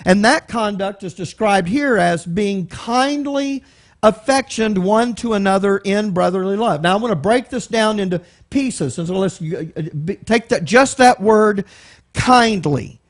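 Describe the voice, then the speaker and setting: A man's voice: high voice, a little slow. A man with a Texan accent teaching a Bible study, breaking words down and asking the room questions in a conversational way. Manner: conversational, explains word by word, asks the room questions.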